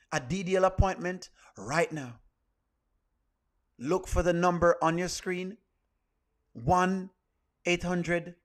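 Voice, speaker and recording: A man doing a deep solemn infomercial announcer. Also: a bit bright. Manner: slow, drawn-out sales pitch. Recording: roomy echo.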